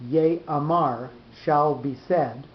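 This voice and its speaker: A man teaching a study session who explains slowly, with fillers and restarts. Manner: halting, many restarts and fillers, slows to spell out terms. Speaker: Torah teacher. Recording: dull echoey room with faint rumble.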